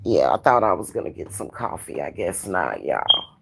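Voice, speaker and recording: A woman's voice: a bass voice, big pitch swings, normal speed, gravelly, very noisy. A woman vlogger ranting casually at home, blunt and profane, repeating phrases for emphasis. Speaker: spiritual reader and vlogger.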